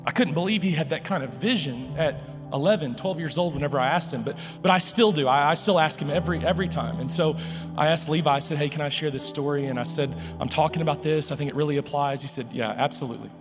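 A man's voice: a little high, fast, in a large hall, music in the background. A middle-aged man preaching a sermon, telling a family story with frequent restarts and quoted dialogue. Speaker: pastor.

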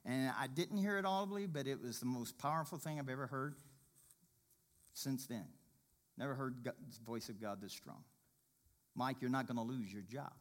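A man telling a personal faith testimony in a sermon, shifting between quiet murmurs and loud, excited exclaiming. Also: normal speed, long pauses. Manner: animated storyteller, swings from low murmurs to loud exclaiming.

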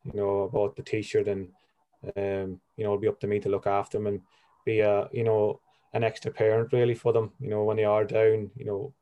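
A man's voice: fairly low pitch, mellow. A man with an Irish accent, a football agent guest talking earnestly in a podcast chat, full of "you know" fillers. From Ireland.

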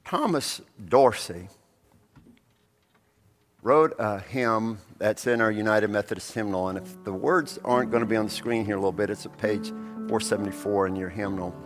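A man's voice: lowish voice, fairly quick, music in the background. A male pastor preaching a sermon, telling the story vividly and asking rhetorical questions of the congregation. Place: church sanctuary. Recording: long reverb of a church hall.

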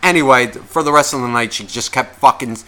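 Man, podcast co-host, bright forceful voice, swears constantly, animated storyteller. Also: medium pitch, quick pace. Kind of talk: casual podcast chat.

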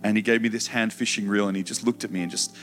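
Low-voiced man preaching his testimony. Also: steady tone, fast talker, soft background music. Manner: emotional storytelling, acts out shouted childhood quotes. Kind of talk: personal testimony sermon.

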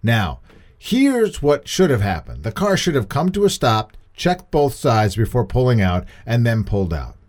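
A man co-hosts a casual political chat. His voice swings up and down with lively pitch. He talks in quick bursts and cracks jokes. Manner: animated, joking, talks in bursts. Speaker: podcast co-host.

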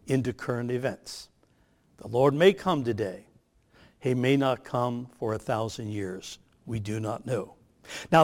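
An older man, a pastor, delivering a sermon with emphatic, measured phrasing that slows on key lines. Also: medium pitch.

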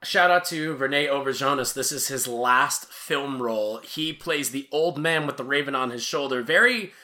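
A man's voice: mid-range voice, normal speed, pushed and bright. A man co-hosting a casual film chat, opinionated and joking, stretching words out for emphasis. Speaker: podcast co-host.

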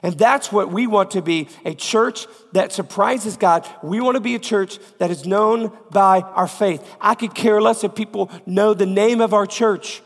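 A man preaching a sermon as pastor, with a cold, repeating phrases emphatically, swinging from loud peaks to quiet. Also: sits high, unhurried, few pauses, long reverb tail. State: has a cold.

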